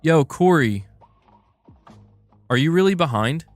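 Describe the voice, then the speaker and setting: A man's voice: fairly high pitch, animated, slow pace, no room sound, soft background music. A man hosting a casual live stream about video game news, chatting loosely and reacting to his chat with frequent laughs.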